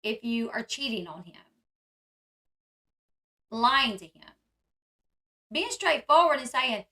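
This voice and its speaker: A woman's voice: fairly high pitch, very animated, slow pace, pushed and bright. A woman vlogger giving casual, chatty commentary, full of "like" and "um" fillers. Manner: chatty, filler-heavy with frequent "like" and "um". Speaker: vlogger reacting to a reality show.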